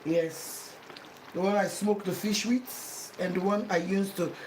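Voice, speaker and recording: A woman's voice: mid-range voice, steady tone, measured pace, darkish tone, roomy sound, far from the mic, slight background noise, poor audio. A Sierra Leonean woman chatting casually while cooking at home, self-mocking and pleading with viewers for likes. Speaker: cooking vlogger. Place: home kitchen.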